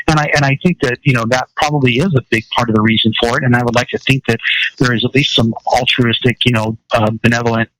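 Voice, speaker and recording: Fast-talking male talk show guest. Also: medium pitch, dry recording, poor audio. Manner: rambling, animated storytelling. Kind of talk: casual interview talk.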